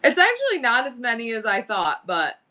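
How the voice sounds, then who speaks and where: A bright, fairly high woman's voice, chatting live to her viewers. She is excitable and exclaims a lot, her pitch jumping around as she thinks aloud. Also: brisk. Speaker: live-selling streamer. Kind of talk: casual live-stream chat to viewers.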